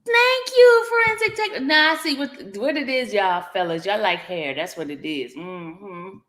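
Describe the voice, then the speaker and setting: Hosting an informal livestream, a woman speaks in a mid-range, sharp-toned voice with lively intonation at a moderate pace. She welcomes each viewer by name, teasing them playfully and laughing often.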